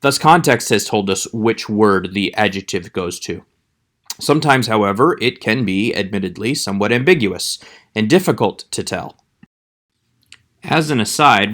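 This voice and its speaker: A man giving a scripted Hebrew grammar lecture as a voice-over, measured and slowing down to sound out each Hebrew word. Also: fairly low pitch, a bit bright. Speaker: Hebrew instructor.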